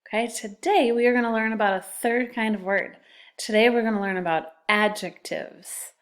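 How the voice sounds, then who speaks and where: A woman's voice: a little high, fairly even intonation, normal speed. A woman teacher giving a recorded phonics lesson to second graders, patiently sounding out words letter by letter.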